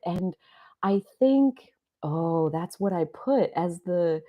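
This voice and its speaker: Woman in her 30s on a live stream, low mellow voice, rambly and confessional, lots of "like". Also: takes it slowly. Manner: rambling, confessional, many "like" fillers. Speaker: astrology live stream host. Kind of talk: reflective personal storytelling. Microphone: live stream mic.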